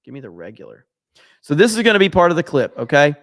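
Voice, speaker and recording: A man hosts a late-night livestream, reading chat messages aloud and riffing on them with loose, profane jokes. His voice sits a little high for a man. It is close and dry, with almost no room sound. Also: big pitch swings, fast talker, a bit bright, no echo. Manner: reads viewer messages aloud, joking and profane. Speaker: livestream host.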